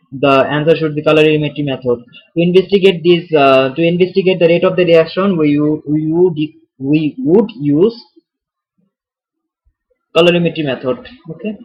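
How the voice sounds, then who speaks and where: A man's voice: a little high, fairly even intonation, normal speed, slightly rough. Non-native male tutor, casual video lesson, repeats and corrects himself, muffled lo-fi sound. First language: not English. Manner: repeats and restarts phrases, thinking aloud. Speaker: chemistry tutor. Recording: dull lo-fi recording.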